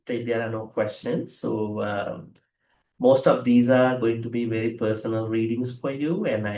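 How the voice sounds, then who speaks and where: A man, a Buddhist monk teaching an online scripture class. He explains slowly with fillers, gives blessings and chants in Pali at a quick pace. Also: medium pitch, darkish tone. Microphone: video call. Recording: echoey room over a video call.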